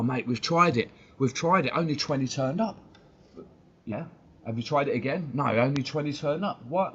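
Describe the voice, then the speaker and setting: In a sweary, fast-paced, heated rant, this male fan channel host comments on a live stream. He has a medium-pitched, husky voice, captured in dull lo-fi audio with faint noise.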